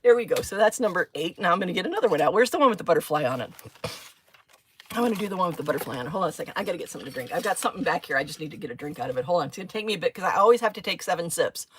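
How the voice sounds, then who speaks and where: A chatty woman talks through her crafting on a live stream, with a bright, sharp-edged tone. She giggles often and drifts between thinking aloud and answering her viewers' comments, all at an easy, casual pace from her craft desk. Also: lowish voice, animated, rapid-fire, slight background noise.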